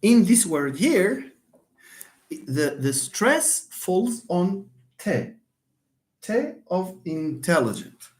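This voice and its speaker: Drawing out his words and pausing often, a lively-pitched linguistics lecturer teaches phonetics in a live online session. He asks himself questions and answers them, goes over points again, and welcomes viewers by name like old friends.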